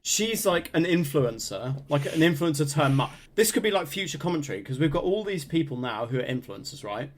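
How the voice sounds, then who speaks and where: A man's voice: on the high side, big pitch swings, fairly quick, hardly any pauses. A man from northern England co-hosting a podcast, riffing jokily in casual chat with lots of restarts. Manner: jokey, riffing, trailing restarts. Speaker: podcast co-host.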